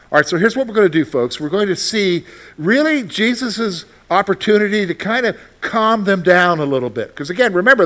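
A middle-aged man, a pastor, reading scripture slowly and then preaching with lively rhetorical questions. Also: high-pitched. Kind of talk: sermon.

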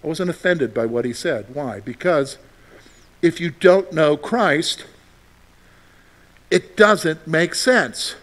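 A man preaching a sermon to his congregation, asking rhetorical questions and answering them himself, moving between loud emphasis and quiet, confiding asides. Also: fairly high pitch, takes it slowly, long pauses. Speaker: pastor.

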